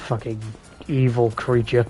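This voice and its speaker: A man's voice: medium pitch, flat delivery, measured pace, a little mellow. A man doing casual live commentary over a game, bickering and swearing with his chat. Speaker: game streamer. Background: game music.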